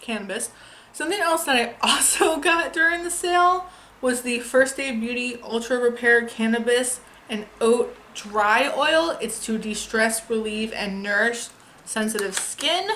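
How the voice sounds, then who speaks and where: Young woman vlogger, kinda high voice, chatty and excited, swears a bit, doing a makeup haul at home. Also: unhurried, slight background noise. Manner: chatty, enthusiastic, swears casually. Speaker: beauty youtuber. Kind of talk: casual haul review. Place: home filming setup.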